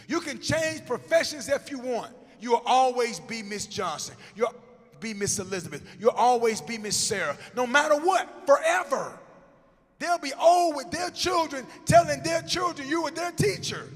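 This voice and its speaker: A man, telling comedic stories to educators in an animated way, with bursts of shouting and acted-out quotes. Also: very high voice, normal speed, slightly rough, big-room sound. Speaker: motivational comedic speaker. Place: large hall before a live audience.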